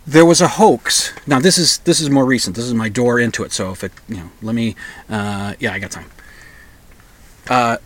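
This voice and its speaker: A man's voice: medium pitch, moderate pace. Middle-aged man, casual comedic monologue host, loose and digressive, stumbles and restarts as he talks. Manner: digressive, with frequent restarts and repeated words.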